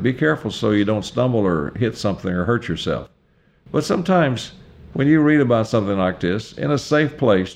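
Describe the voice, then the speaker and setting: An older male pastor delivers a sermon in an earnest, deliberate way. His voice sits at a middle pitch. He leans on key phrases and slows down to drive them home. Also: gravelly, darkish tone. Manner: earnest, deliberate preaching with slow emphatic stresses.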